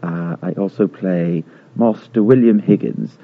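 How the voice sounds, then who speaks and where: A stage actor with a Dublin accent walks through his costumes, friendly and a little hesitant with fillers. His voice is very low and husky, and it comes through thin and tinny like a phone line. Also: unhurried. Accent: Dublin Irish. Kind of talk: introducing his costumes to an audience.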